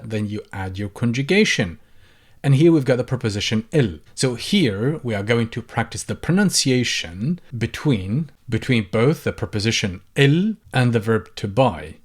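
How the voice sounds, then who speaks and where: A man with a somewhat low voice leads a language lesson. He moves calmly through the material, repeating each example phrase several times and stopping to explain pronunciation as he goes. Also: normal speed. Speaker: Arabic language teacher. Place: lives in the UK.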